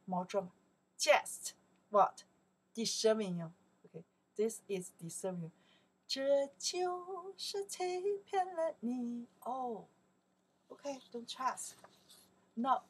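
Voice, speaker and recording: A woman with a Chinese accent teaching a song lesson, explaining in simple English and singing lyric lines slowly. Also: a little high, husky. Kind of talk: slow song lesson for learners.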